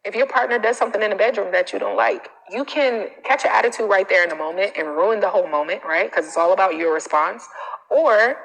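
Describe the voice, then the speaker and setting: A woman confidence coach giving advice on a live stream, emphatic, repeating her points and tagging them with "okay?"; she acts out other people's quoted lines in a higher voice. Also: brisk, vocal fry, fairly bright tone, in a large hall, rough recording. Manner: emphatic, repeats phrases, frequent "okay?" tags.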